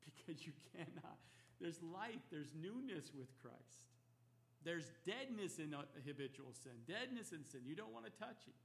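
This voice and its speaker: A man's voice: on the high side, very animated, moderate pace, vocal fry. A man preaching an expository sermon, emphatic and repeating key phrases for effect. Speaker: pastor.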